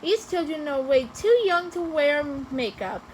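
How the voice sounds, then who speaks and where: A woman's voice: sits high, expressive, moderate pace, a little hiss or hum, voice pushed up, rough recording. Amelia Bedelia, a chirpy literal-minded housekeeper, voiced by a woman. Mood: eager.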